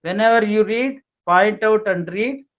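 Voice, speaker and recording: A man giving an informal talk to parents, explaining slowly and plainly and repeating words for emphasis. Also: high voice, highs cut off. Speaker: speaker on parenting and child education.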